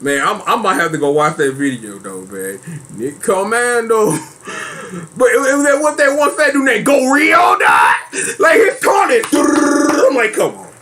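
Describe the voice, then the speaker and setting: A man rants to camera from a small room at home, laughing hard and loud as he talks. His voice is bright and high for a man, with a wildly lively pitch and a drawn-out pace. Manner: laughing hard while talking, loud and excitable; heavy slang, repeats himself. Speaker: host. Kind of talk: casual rant to camera.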